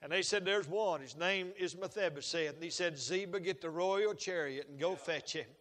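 A high, bright-voiced man preaches in a folksy storytelling manner that swells into shouted fervor. His voice rings out with a long hall reverb behind it. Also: moderate pace. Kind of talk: sermon.

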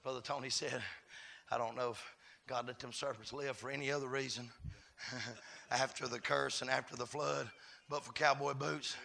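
A man preaching a sermon, swinging from quiet murmurs to shouted, chanted climaxes. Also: medium pitch, steady tone, normal speed, vocal fry, long pauses.

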